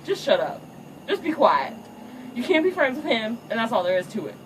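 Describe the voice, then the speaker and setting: A woman voicing a stern, overprotective lion king father who talks gruff, bossy and crude. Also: fairly high pitch, sing-song, fairly quick, a little hiss or hum, low-quality recording.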